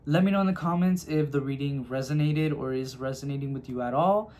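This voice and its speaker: A man's voice: mid-range voice, brisk, a little mellow. A man giving a casual tarot reading to camera, chatty and reassuring, often checking in with "okay?" and calling his listeners his loves. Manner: affectionate, calls listeners "my loves". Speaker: tarot reader.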